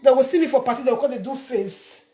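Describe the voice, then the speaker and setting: A woman's voice: high-pitched, fast talker, dark tone, soft background music. Emphatic Nigerian Pidgin-speaking woman. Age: older. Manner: emphatic, pleading, repeats herself. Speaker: vlogger. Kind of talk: casual direct-to-camera vlog.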